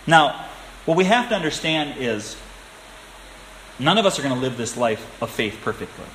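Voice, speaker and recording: A male pastor preaching a sermon, earnest and emphatic, slowing down to stress key phrases. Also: mid-range voice, sing-song, fairly bright tone, a little hiss or hum. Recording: echoey room with faint ambience.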